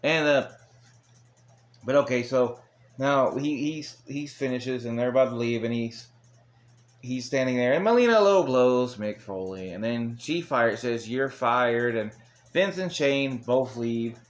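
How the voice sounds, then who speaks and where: A man's voice: medium pitch, lively intonation, unhurried. A man recapping an old wrestling episode in a rambling, casual way with chuckling asides. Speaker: wrestling show reviewer.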